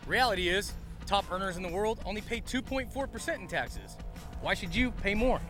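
A man as spokesman in a scripted comedic commercial, giving a deadpan, earnest sales pitch. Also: moderate pace, poor audio. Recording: ad audio with loud music.

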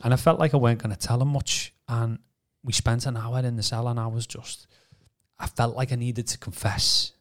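A man telling his story on a podcast in a rambling way, full of restarts and fillers. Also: on the low side. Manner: rambling, many restarts and "you know" fillers. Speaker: podcast co-host. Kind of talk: casual personal testimony.

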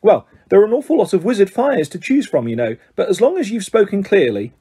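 Male reader playing a motherly witch, higher and louder than his narration, fussing and anxious. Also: sing-song, fast talker, husky, heavily acted. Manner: fussy and anxious, raised and bright.

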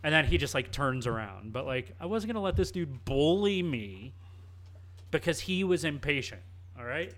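A young man chats as co-host, relaxed and cheeky as he tells a story. His voice sits a touch higher than most men's. The talk is loose and conversational. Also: normal speed. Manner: animated storyteller, casual and cheeky. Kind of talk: casual chat, storytelling.

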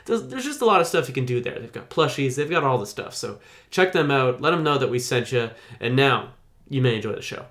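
A man's voice: medium pitch, expressive, fairly quick, fairly bright tone. Man, podcast host, jokey rambling ad-read energy, a bit worn from being sick. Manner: jokey, rambling, mock-defensive. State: recovering from illness. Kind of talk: casual podcast intro and ad read.

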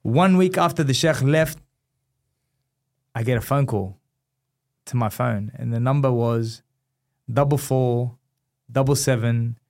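A man in his thirties tells his story in a relaxed interview. His delivery is animated, and he slips into the voices of the people he quotes. His pitch sits in the middle range. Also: measured pace, long pauses. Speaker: guest, former boxer.

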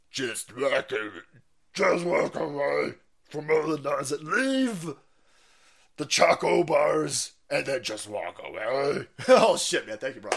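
Profane ranting male streamer. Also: on the high side. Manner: angry, profane, shouting bursts. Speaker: livestream host. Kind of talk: ranting livestream commentary.

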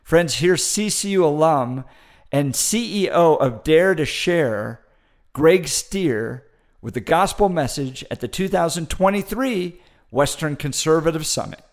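A man formally introducing the next speaker at a conference, in a measured way. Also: fairly high pitch, animated. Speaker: event introducer.

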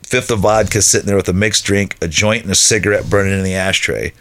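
Low-voiced man telling his life story. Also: fast talker, a bit bright. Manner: conversational storyteller, acts out friends' voices. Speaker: podcast guest.

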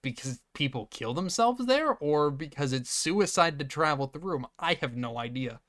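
A man's voice: on the high side, lively intonation, fairly bright tone. A man hosting a podcast, recapping a film in sarcastic, profane, casual chat. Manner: sarcastic, swears freely, recaps scenes in quick bursts. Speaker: podcast host. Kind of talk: casual movie-riffing chat.

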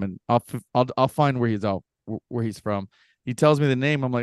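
Animated, laughing male storyteller. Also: mid-range voice, fast talker, vocal fry, no room sound, clean studio sound. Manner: animated storyteller, laughs often, swears, acts out quotes. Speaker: podcast co-host. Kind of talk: casual chat.

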